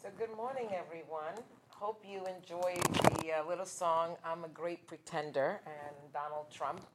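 A woman's voice: on the low side, fairly even intonation, measured pace, noisy background. A woman co-hosting a casual political talk show, speaking hesitantly with many fillers. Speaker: co-host.

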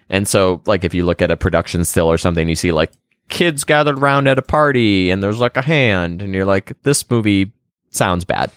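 On a movie-chat podcast, this co-host talks casually but haltingly, leaning on lots of fillers. He has a lowish, expressive voice and speaks a little fast; the recording is dry and studio-clean.

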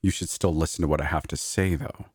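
A man voicing a sly, scheming male creature in a horror story, speaking slowly and mockingly. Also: extremely low pitch, steady tone, a little mellow, breathy edge, dry recording, clean studio sound. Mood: smug, scheming. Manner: slow, deliberate, mocking. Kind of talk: horror audiobook reading.

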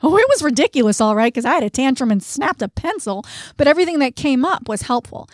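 Woman podcast host, chatty and candid, kinda high voice, dry mic. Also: big pitch swings, fast, no room sound. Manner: candid and chatty, laughs at herself. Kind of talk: casual self-help podcast talk.

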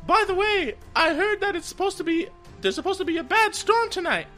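Man putting on a flustered serving woman, high squeaky falsetto, bright and flighty, tabletop game. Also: lively intonation, fairly quick, soft background music, full character voice. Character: flustered female sea-folk serving woman, a disguised spellcaster.

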